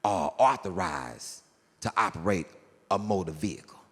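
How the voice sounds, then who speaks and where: Slow, formal cop voice from a man, low and deliberate, echoing room. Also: fairly bright tone, slightly rough, heavily acted. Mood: officious. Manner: slow and officious. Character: slow, formal male police officer.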